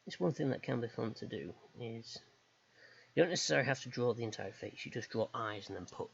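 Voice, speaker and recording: A man's voice: mid-range voice, expressive, fairly quick, vocal fry, husky, no echo. A man from the United Kingdom streaming live, chatting casually while he draws. He rambles and hesitates with many ums. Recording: dull lo-fi stream mic with faint hiss.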